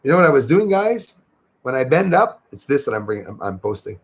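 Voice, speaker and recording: A man with a gravelly, rough-edged voice at a middle pitch hosts a casual livestream. He talks in a chatty, upbeat way, greeting and thanking viewers as he goes. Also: big pitch swings, brisk, low-quality recording. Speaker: livestream host.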